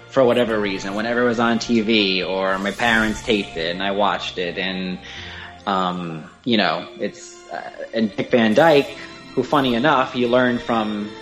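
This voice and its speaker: A man's voice: fairly low pitch, a bit bright, rough recording. A man co-hosting a casual podcast, talking about film performances in an enthusiastic, rambling way with many fillers. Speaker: podcast co-host.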